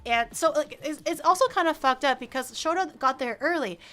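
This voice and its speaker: A young woman streamer telling a story in an animated, casual way, full of "like" fillers and acting out the people in it. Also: high-pitched, brisk. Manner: frequent "like" fillers.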